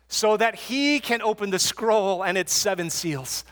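A man's voice: high-pitched, normal speed, few pauses, a bit bright, big-room sound. A man preaching an expository sermon in an earnest way, often repeating words as he restarts a thought.

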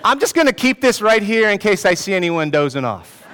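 A man's voice: sits high, big pitch swings, fairly quick, fairly bright tone, a faint crowd, a little hiss or hum. A man giving a sermon as pastor, telling a personal story in a self-mocking way and joking with the congregation. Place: church hall with an audience. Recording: long hall reverb.

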